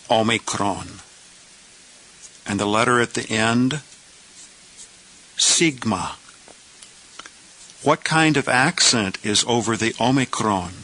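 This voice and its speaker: A man teaching Greek letters, who asks questions and answers them himself in a slow, step-by-step lesson. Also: lowish voice, bright, forceful tone, low-quality recording.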